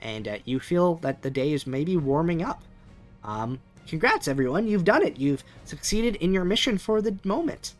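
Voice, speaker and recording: A man's voice: a little high, very animated, moderate pace, faint music behind. A man narrating a tabletop game as game master, rambling with many fillers. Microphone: webcam setup.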